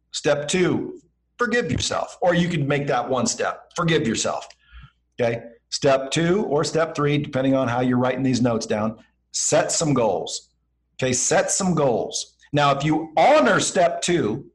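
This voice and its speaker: This podcast guest speaks in a slightly high voice, captured on a low-quality recording. His casual talk is motivational advice delivered bluntly and with slang, and he plays out bits of dialogue as he goes.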